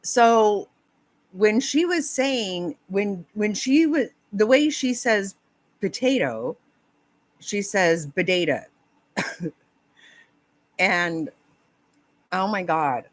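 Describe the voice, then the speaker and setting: Lady streamer just chatting, slow drawl, keeps cracking up and cussing, kinda scattered. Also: medium pitch, expressive, dry recording. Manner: laughs often, swears, rambling and flustered. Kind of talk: casual live chat.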